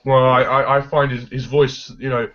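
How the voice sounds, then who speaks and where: A man's voice: mid-range voice, level tone, moderate pace, a bit bright. Blunt, opinionated man. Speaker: film reviewer. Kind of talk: casual film discussion. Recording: dull lo-fi recording.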